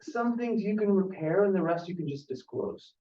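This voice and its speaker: A man's voice: high-pitched, normal speed. Man presenting from across a roomy hall. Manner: storytelling, animated, acts out callers. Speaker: home inspector presenting. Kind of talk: casual presentation to an audience. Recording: roomy, distant, dull audio.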